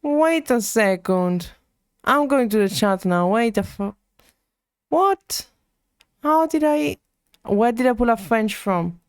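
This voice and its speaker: A woman with a medium-pitched, clean voice speaks unhurriedly, with no echo. She's live-streaming while coding, muttering to herself at the computer and chatting casually with her viewers.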